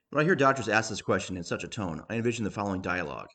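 A man's voice: fairly low pitch, expressive, rapid-fire, hardly any pauses, sharp tone. A man reading humorous writing aloud in a dry, matter-of-fact way. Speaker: reader.

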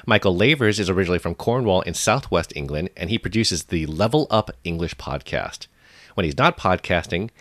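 A Californian man with a low, deep voice co-hosts a podcast and reads introductions in a friendly, easygoing manner. The recording is close and dry. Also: fairly bright tone, no room sound. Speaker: podcast co-host. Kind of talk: scripted guest introduction.

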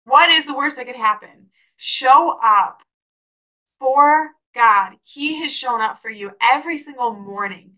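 A woman's voice: fairly high pitch, bright, forceful tone, low-quality recording. A young adult woman hosting a podcast, talking in an enthusiastic, preachy way about faith and business, often rising to exclamations. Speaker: podcast host. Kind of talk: encouraging faith-based podcast talk.

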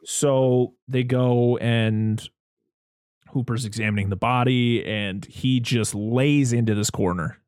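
A man's voice: medium pitch, fairly even intonation, slow, darkish tone, clear, resonant tone, no echo, clean studio sound. A man casually recapping a film on a podcast, rambling and stopping himself, laughing often and acting out quotes. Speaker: podcast co-host.

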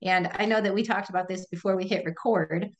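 Animated woman yoga teacher talking shop. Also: mid-range voice, a little fast, highs cut off. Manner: animated, reflective, laughs easily. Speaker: podcast guest and yoga teacher. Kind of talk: casual conversation.

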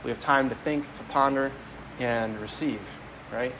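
A man's voice: medium pitch, fairly even intonation, a little slow, background noise. A man preaching a homily as a priest, speaking conversationally, telling stories and often repeating words as he goes. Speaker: Catholic priest.

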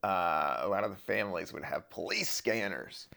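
Gravelly, rambling man hosting a podcast. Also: sits low, lively intonation, moderate pace, pushed and bright. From Southern Virginia. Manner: rambling, profane, laid-back. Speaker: podcast host. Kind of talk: casual rambling monologue.

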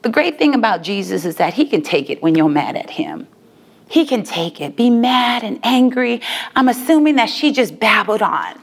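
A woman delivers a sermon in a high voice, building her points through rhythmic, emphatic repetition and calls to her listeners. Her words ring out with a long reverb trailing behind them. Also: sing-song, moderate pace, breathy edge. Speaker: preacher.

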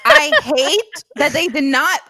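A woman's voice: sits high, big pitch swings, slow pace, sharp tone, dry recording. A young woman co-hosting a podcast in casual chat, emphatic and dramatic in her complaints. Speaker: podcast co-host.

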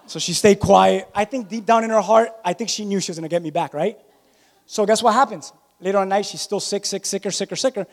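A man preaching a sermon as pastor, animated, telling personal stories and calling out to his congregation. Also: high voice, fast talker. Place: church sanctuary. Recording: long reverb of a large church hall.

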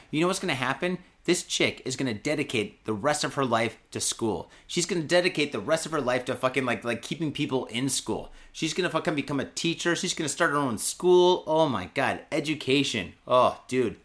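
A man's voice: mid-range voice, fairly bright tone. A man hosting a podcast in casual, profane, rambling talk, reading news stories aloud and breaking in with irreverent jokes. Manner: reads news stories aloud with joking asides. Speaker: podcast host.

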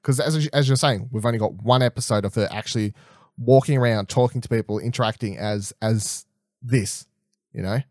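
A young man chatting casually as a podcast co-host, rambling and animated, swearing freely and restarting often. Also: mid-range voice, a little fast, no room sound, studio quality. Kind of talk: casual chat, TV episode predictions.

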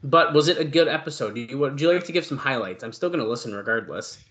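A man co-hosts a relaxed wrestling podcast at a middling pitch. He rambles through his points and fills the gaps with "um" and "like". His talk stays loose and conversational. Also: fast. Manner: rambling, full of fillers like "um" and "like". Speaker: podcast co-host. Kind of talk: casual wrestling podcast chat.

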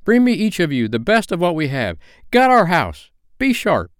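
A man voicing a commanding young boy who leads a band of lost boys and gives crisp orders. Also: sits high, huge pitch swings, moderate pace, no echo, clean studio sound, voice pushed up, full character voice.

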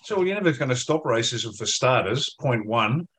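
A man's voice: medium pitch, animated, normal speed, fairly bright tone. An Australian man in an interview, blunt and emphatic, telling pub-style stories in colloquial language. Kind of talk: interview discussion.

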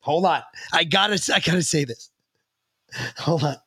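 A man co-hosting a podcast, commenting on clips in a loud, excitable way and swearing freely. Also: a little high, normal speed, vocal fry, breathy edge, dry recording. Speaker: podcast co-host. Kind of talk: crude, profane casual commentary.

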